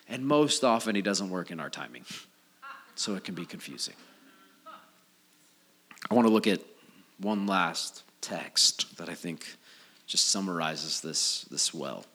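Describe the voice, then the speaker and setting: A man preaching a sermon as pastor, swinging from quiet, low asides to loud, raised outbursts. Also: breathy edge. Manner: animated, swings from low and soft to loud and high.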